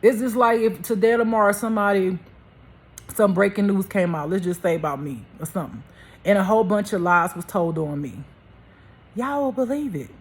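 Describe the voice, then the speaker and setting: A woman's voice: medium pitch, a little fast, breathy edge. A woman talking straight to camera in a heated, preachy monologue, repeating herself and addressing her viewers. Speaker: spiritual life coach vlogger.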